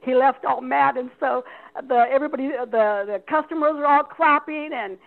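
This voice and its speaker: A woman calling in to a radio show, telling a story in a chatty, rambling way with quick laughs. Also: sits high, vocal fry. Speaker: caller. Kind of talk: phone-in radio call. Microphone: telephone. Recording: tinny phone line.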